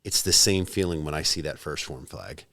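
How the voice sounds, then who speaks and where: A man's voice: a bass voice, normal speed, gravelly, a bit bright, dry recording, clean studio sound. A man in his forties, a podcast guest in casual chat, swearing freely and acting out both sides of remembered conversations. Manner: profane, storytelling, acts out both sides of conversations.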